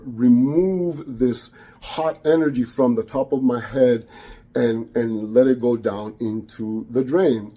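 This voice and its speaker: A man tells a personal spiritual story in a mellow, husky voice. He stumbles and repeats words as he goes and slips Spanish phrases in among the English. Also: medium pitch. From Caribbean. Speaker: spiritual practitioner.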